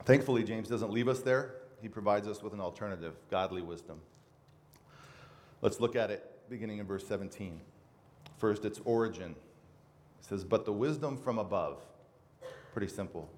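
A man's voice: lowish voice, moderate pace, long pauses, a little mellow. A man preaching a sermon as pastor, earnestly reading scripture aloud with emphasis. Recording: reverberant hall with faint noise.

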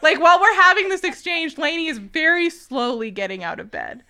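A young woman telling a story in casual chat, animated and laughing often. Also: extremely high pitch, a little fast.

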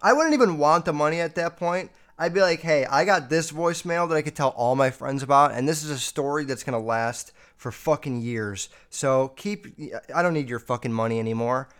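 Profane animated man riffing casually. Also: a little high, brisk, hardly any pauses, clean tone. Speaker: podcast host. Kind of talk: casual commentary reading listener messages.

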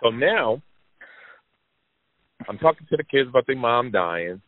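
A man hosting a podcast, telling a long personal story to his audience in a lively, profane way, repeating lines for emphasis. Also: medium pitch, measured pace, no room sound. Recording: dry, phone-like narrow sound.

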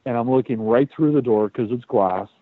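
A man's voice: medium pitch, a little fast, dry recording. Chatty man on a tinny line. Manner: animated, repeats words, swears. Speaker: podcast host. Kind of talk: casual storytelling. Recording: tinny phone-like dry sound.

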